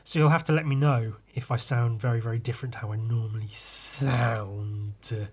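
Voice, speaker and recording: His voice is medium in pitch, husky and steady, moving at a moderate pace. Having been drinking, this solo podcast host wanders through a loose, casual monologue, frequently trailing off and restarting.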